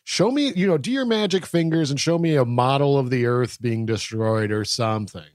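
A man co-hosting a casual movie review podcast, relaxed and conversational. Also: medium pitch, moderate pace, no room sound, clean studio sound. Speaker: podcast co-host.

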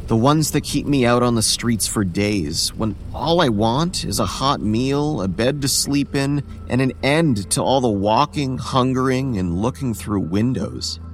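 A man narrating a horror story in the first person as a weary homeless boy who looks about eleven, speaking in a quiet, measured, tired way. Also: mid-range voice, lightly acted. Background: soft music.

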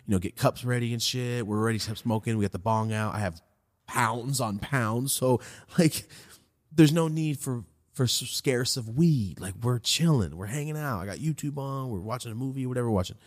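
A man hosting a podcast, telling a story in a loose, profane, rambling way while high. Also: moderate pace, no room sound, studio quality. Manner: profane, rambling, laid-back. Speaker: podcast host. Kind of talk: casual storytelling.

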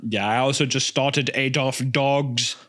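A man's voice: mid-range voice, steady tone, unhurried, a bit bright. A man riffing in comedic podcast banter, parodying a YouTuber's upbeat delivery with frequent laughter. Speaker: podcast co-host.

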